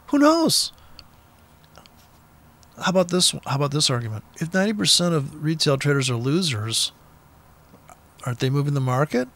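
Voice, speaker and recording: A man with a somewhat raised pitch and a gravelly, fry-laden voice delivers combative, foul-mouthed trading commentary. He talks off the cuff from a car with the window rolled down. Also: fairly bright tone. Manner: profane, blunt and combative. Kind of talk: unscripted ranting commentary.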